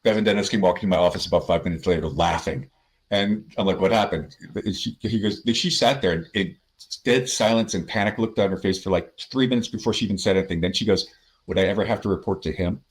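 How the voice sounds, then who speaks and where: Man, deep voice, podcast guest, storytelling, acts out quoted people. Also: quick pace. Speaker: podcast guest, sales consultant. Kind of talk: conversational storytelling.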